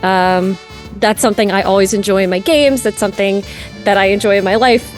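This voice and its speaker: Enthusiastic woman voice actress. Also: mid-range voice. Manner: enthusiastic, energetic. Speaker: voice actress guest. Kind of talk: casual interview.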